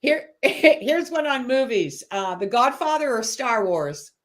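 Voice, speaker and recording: Chatty woman host, high voice. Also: very animated, slow. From Massachusetts. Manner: chatty, laughs often, many "um" fillers. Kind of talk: casual chat. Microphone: online video call.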